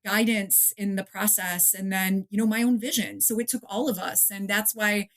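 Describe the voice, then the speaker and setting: A middle-aged woman from the Detroit area, an author chatting in an interview, lively and quick to act out quotes and laugh. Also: medium pitch. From Detroit area, USA. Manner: animated storyteller, acts out quotes, laughs often. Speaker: author and guest. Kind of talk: casual interview chat.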